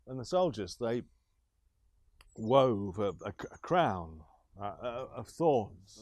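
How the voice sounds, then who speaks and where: A man retelling scripture slowly and deliberately, with small restarts. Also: fairly low pitch, darkish tone, no room sound. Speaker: scripture reader. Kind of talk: scripture storytelling.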